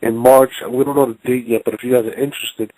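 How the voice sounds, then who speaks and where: A man hosting a call-in show in a casual, rambling flow, cursing freely and stumbling over repeated words. His voice sits at a middling pitch and sounds dry and close. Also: flat delivery, fast, dark tone, dry recording, low-quality recording. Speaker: show host.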